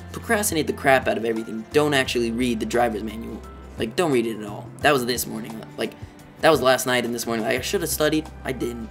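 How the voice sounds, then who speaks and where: An excitable teenage boy rambles through a storytime vlog at a medium pitch, packing in "like" as he goes. Faint music plays softly underneath his voice. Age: teens. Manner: excitable, rambling, heavy use of "like". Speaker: vlogger.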